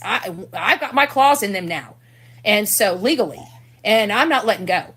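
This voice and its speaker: A woman's voice: medium pitch, animated, normal speed, a bit bright, slightly rough. A woman in a played video clip, explaining herself in a defensive, aggrieved way.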